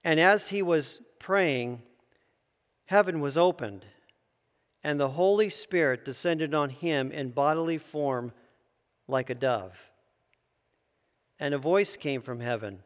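A man's voice: fairly high pitch, slow, pauses often, in a large hall. A man teaching a Bible study in a conversational way, with asides and self-corrections.

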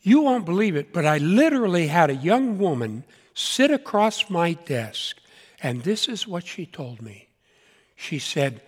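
A man's voice: a little high, big pitch swings, unhurried. A man in his seventies preaching a sermon in an earnest manner and repeating key points for emphasis. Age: 70s. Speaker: pastor. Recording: long hall reverb.

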